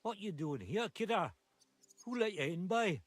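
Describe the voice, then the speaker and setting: A man's voice: high-pitched, sing-song, normal speed. An actor with a Geordie accent playing a talkative, superstitious male miner in a video game. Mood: suspicious. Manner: rambling, folksy dialect talk.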